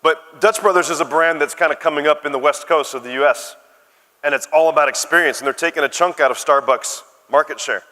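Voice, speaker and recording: A man's voice: a little high, a little fast, sharp tone. A middle-aged man from Arizona with an American accent, giving a conference talk in a chatty storytelling way with asides to the audience. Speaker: conference speaker. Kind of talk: keynote talk. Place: conference hall. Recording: reverberant conference hall.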